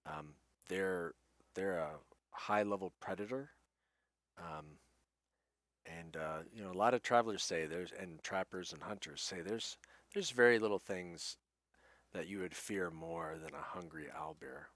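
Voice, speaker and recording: A man narrating as game master of a tabletop game, describing scenes in an unhurried, hesitant way with frequent fillers. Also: deep voice, fairly bright tone, no echo, studio quality.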